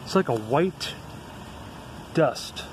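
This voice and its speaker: A man ranting in a vlog from his vehicle into a phone, swearing a lot and breaking into shouts. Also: fairly high pitch, lively intonation, drawn-out words, background noise. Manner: angry, profane, swings into shouting. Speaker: vlogger.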